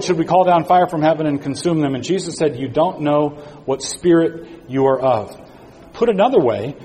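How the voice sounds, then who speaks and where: A man's voice: fairly high pitch, a little mellow. A man giving an earnest sermon-style talk to educators, repeating phrases for emphasis and often restarting his sentences. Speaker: speaker at an educators' conference. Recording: long reverb in a hall with faint noise.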